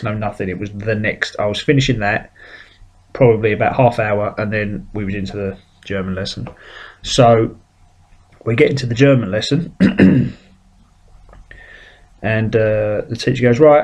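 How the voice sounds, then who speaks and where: A man with a British accent hosting a weekly drawing show, chatting casually and telling self-mocking stories. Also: fairly low pitch. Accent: British English. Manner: self-mocking storyteller, acts out quotes. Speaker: webcomic artist and show host. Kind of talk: casual rambling chat while drawing.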